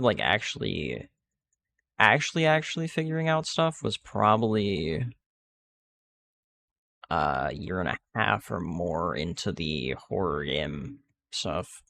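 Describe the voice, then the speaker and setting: A man with a lowish, gravelly voice chats his way through a video game. His delivery is animated in pitch but loose, full of restarts and filler words. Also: slow, long pauses. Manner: rambling, restarts sentences, many fillers. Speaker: gaming video creator. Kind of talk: casual gameplay commentary.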